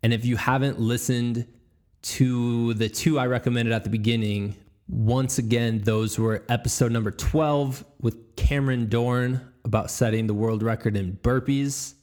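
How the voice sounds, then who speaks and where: A man's voice: mid-range voice, fairly even intonation, unhurried, a little mellow. A man hosting a podcast, chatting casually, rambling and stumbling over his words and laughing easily. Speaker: podcast host.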